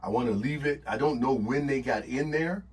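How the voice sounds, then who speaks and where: A man's voice: mid-range voice, normal speed, slightly rough, recorded from a distance. A man hosting his own beekeeping vlog, talking casually to the camera with many ums and self-corrections, indoors. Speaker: beekeeping vlogger. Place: indoors in a storeroom by the backyard.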